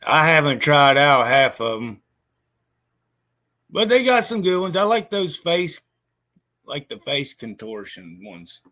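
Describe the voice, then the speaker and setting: A man's voice: fairly high pitch, very animated, slow pace, long pauses, pushed and bright. A man vlogging in casual chat, rambling, swearing freely and laughing often. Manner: profane, laughs a lot, rambling.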